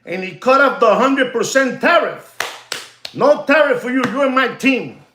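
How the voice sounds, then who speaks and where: A man's voice: very high-pitched, animated, normal speed, bright, forceful tone, reverberant, slight background noise. A man who deals in watches, speaking in an emphatic, repetitive vlog rant full of heckling. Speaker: watch dealer.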